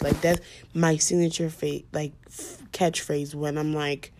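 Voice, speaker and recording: A young woman talks through a story on her podcast in loose, casual chat packed with fillers. Her voice sits slightly low and sounds soft and mellow. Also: steady tone, moderate pace. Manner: chatty, full of fillers. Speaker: podcast host.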